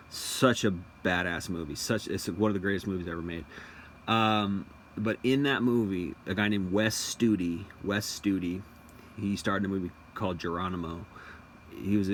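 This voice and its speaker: A man's voice: sits low, a little hiss or hum. A young man giving a casual, opinionated monologue as a commentator. He rambles, restarts often and repeats phrases for emphasis.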